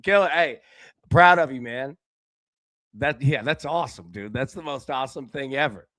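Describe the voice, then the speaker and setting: A man hosting a live sports betting talk show, chatting casually and addressing viewers by name, swinging between loud excited bursts and quiet low asides. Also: normal speed, no room sound. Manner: talks directly to chat viewers by name. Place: indoor room with a window.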